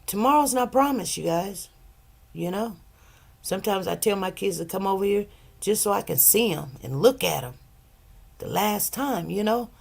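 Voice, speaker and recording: A woman's voice: medium pitch, vocal fry. A woman hosting a livestream, talking casually and emotionally to her viewers in a rambling, conversational way. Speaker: livestream host.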